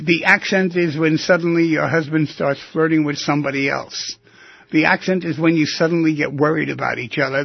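A man's voice: on the high side, vocal fry, husky, muffled recording. A man hosting a talk show, musing aloud and asking the listener rhetorical questions. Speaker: radio show host. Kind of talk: reflective talk show monologue.

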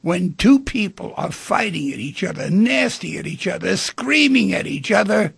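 Gravelly, husky man hosting talk radio. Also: high-pitched, normal speed, no echo. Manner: animated, acts out dialogue in stories. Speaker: radio call-in show host.

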